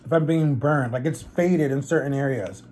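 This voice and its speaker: A young man telling a personal story casually to camera while eating, animated and chatty. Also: medium pitch, moderate pace, a little hiss or hum. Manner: chatty, animated retelling with quoted voices. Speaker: vlogger.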